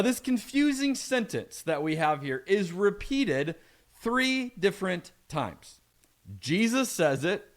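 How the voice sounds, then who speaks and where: A middle-aged man preaching a conversational sermon, reading scripture aloud and adding playful asides. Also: on the high side. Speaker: pastor.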